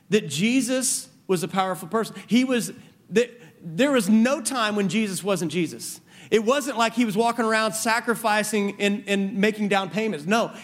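A man preaching a sermon on marriage, earnest, often repeating words as he builds a point. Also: high voice. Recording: long reverb of a large hall.

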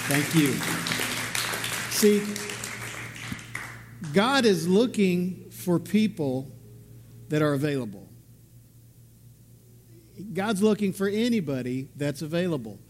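Slow, emphatic preaching pastor. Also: male voice, a little high, a little hiss or hum. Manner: slow, emphatic, repeating phrases. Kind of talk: sermon. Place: church with congregation.

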